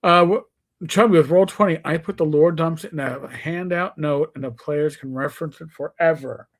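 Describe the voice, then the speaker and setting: New York man telling animated stories. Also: fairly high pitch, normal speed. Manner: storytelling, acts out quoted players with shifting voice. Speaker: co-host. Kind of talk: casual live-stream chat.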